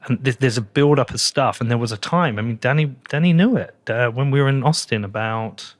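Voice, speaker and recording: A man's voice: mid-range voice, brisk, no echo. Candid man hosting a podcast. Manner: candid, confessional, swears casually. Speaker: podcast host. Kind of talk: casual interview conversation.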